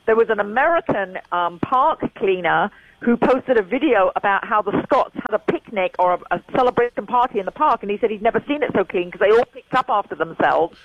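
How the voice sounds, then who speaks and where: An older woman from England, a guest in an interview, telling stories with animated, emphatic repetition over a dull lo-fi line. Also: medium pitch, fairly quick. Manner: animated storyteller, emphatic repeating. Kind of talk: phone-in interview chat.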